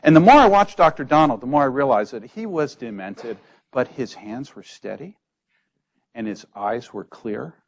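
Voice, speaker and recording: A middle-aged man, a physician giving a conversational lecture full of stories, telling them in an animated way and acting out the quotes. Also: mid-range voice, normal speed, gravelly. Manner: animated storyteller, acts out quotes.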